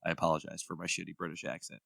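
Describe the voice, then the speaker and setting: Wry, bright-voiced podcast storyteller. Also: male voice, sits low, flat delivery, very fast, gravelly, dry recording, clean studio sound. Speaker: podcast co-host. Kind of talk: casual comedic podcast chat.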